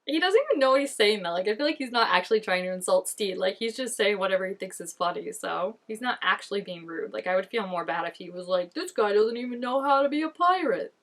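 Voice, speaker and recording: A woman in her twenties giving chatty, animated reaction commentary while watching an episode, with lots of "like" fillers. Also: mid-range voice, fast talker, few pauses. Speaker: reaction channel host.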